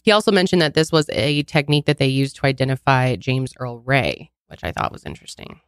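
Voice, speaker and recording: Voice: medium pitch, animated, fairly quick, clean tone, no echo. A podcast co-host chatting casually, offering thoughtful, brief reactions. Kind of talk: casual chat.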